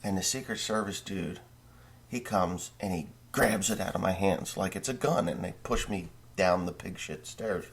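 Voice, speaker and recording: With a low, gravelly, husky voice, a male farmer vlogger recounts a meandering dream at a moderate pace. He's casual, profane, and keeps correcting himself.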